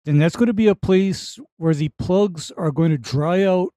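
A man's voice: high voice, moderate pace, warm tone, no room sound. A man co-hosting a live lawn-care call-in show, giving laid-back advice step by step. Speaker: co-host answering lawn care calls. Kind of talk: casual call-in show talk.

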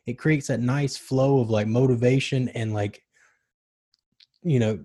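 A young man in casual chat, telling stories in a rambling, excited way with slang and swearing. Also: medium pitch, unhurried. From Charlotte, North Carolina area.

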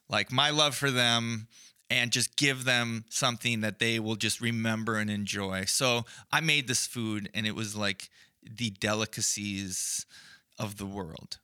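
Slow, bright-voiced man. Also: fairly low pitch, smooth, no echo, studio quality. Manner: earnest, builds an analogy with many fillers and restarts. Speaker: podcast co-host. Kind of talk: casual faith discussion.

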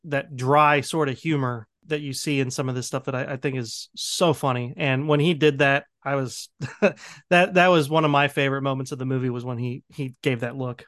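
A man's voice: mid-range voice, steady tone, normal speed, fairly bright tone, dry recording, studio quality. A man talking casually about a film he enjoyed, enthusiastic, with frequent restarts. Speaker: podcast co-host.

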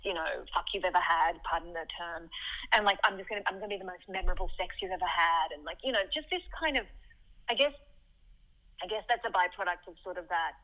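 Bright-voiced woman, animated interview guest. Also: fairly low pitch, rough recording. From Yugoslavia. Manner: animated, frequent "like", shifts into quoted voices. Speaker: podcast guest. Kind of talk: candid conversational interview.

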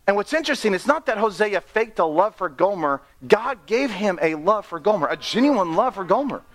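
A man preaching an animated sermon, often laughing and acting out the people in his story. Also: high-pitched. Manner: excitable, laughs often, acts out characters.

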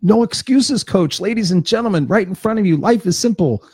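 A man's voice: high voice, lively intonation, fairly quick, a little mellow, slightly rough, dry recording, clean studio sound. Fired-up, profane motivational man. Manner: passionate and profane, repeats points for emphasis. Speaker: motivational speaker hosting a live stream. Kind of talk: unscripted motivational talk.

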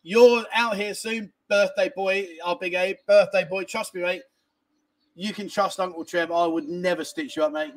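A man with a high-pitched voice and vocal fry runs a casual live chat from inside a family home in a village. He reads viewers' messages aloud and rambles on in a chatty manner, with casual swearing and many restarts.

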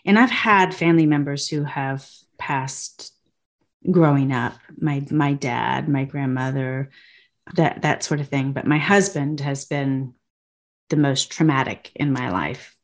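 A woman with a deep, low voice hosts an interview podcast. She speaks slowly and feels her way through her questions. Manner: thoughtful, searching for words as she asks. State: widowed. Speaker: podcast host. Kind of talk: interview conversation.

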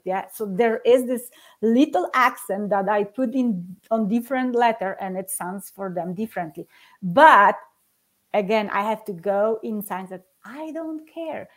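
A woman from Poland with a Polish accent, a podcast guest telling stories in an animated way and laughing often. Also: a little high, a little slow. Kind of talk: podcast interview.

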